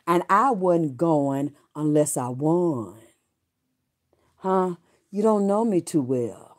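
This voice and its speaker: A woman's voice: low-pitched, lively intonation, slow. A middle-aged woman ranting on a livestream, defiant and profane, hammering her points home with repeated emphatic declarations. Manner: defiant, swearing, preaching.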